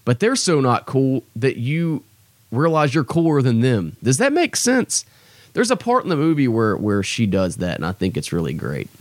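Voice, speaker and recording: A young podcast host with a medium-pitched, sing-song voice talks at a normal speed, with no room sound in the recording. He rambles through a casual solo chat, self-deprecating and full of fillers.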